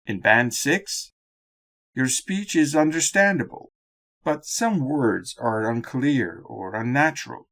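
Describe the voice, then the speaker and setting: A man narrating a scripted lesson on exam speaking skills in a measured, instructional way. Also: mid-range voice, lively intonation, fairly bright tone. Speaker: exam-prep teacher.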